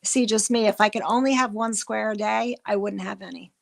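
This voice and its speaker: A woman's voice: medium pitch, brisk, creaky. A middle-aged woman hosting a livestream, chatting casually with her viewers in a rambling way and often restarting her words. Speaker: livestream host. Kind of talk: casual livestream chat with chat readers.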